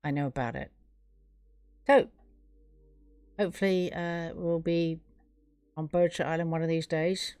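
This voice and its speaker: Lady streamer, low voice, dry close sound, just chatting away to viewers. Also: fairly even intonation, measured pace, pauses often, darkish tone, clear, resonant tone, no room sound. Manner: earnest, rambling. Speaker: live-stream host. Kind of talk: casual monologue to viewers.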